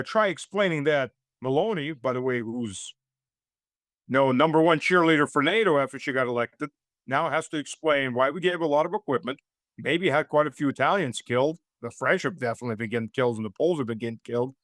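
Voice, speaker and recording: A man's voice: mid-range voice, lively intonation, fast, fairly bright tone, no room sound, studio quality. A man raised in the United States, a guest giving political commentary in an interview, talking in long rambling runs full of fillers and restarts, with a sarcastic edge.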